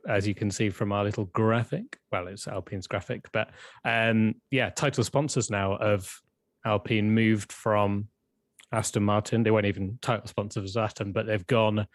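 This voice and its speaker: A man co-hosting a live stream in casual chat, relaxed and often laughing. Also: lowish voice, normal speed, no room sound. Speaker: co-host and channel founder.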